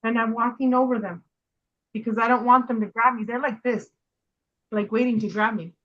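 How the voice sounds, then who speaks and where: Animated woman telling a story, muffled audio. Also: on the high side. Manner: animated storytelling, quick bursts when quoting herself. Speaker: host. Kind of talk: casual chat.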